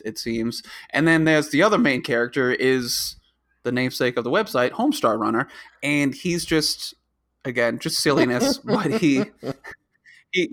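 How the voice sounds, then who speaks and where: A man's voice: medium pitch, fairly bright tone. A man co-hosting a casual podcast, rambling through his points with lots of fillers and restarts. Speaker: podcast co-host.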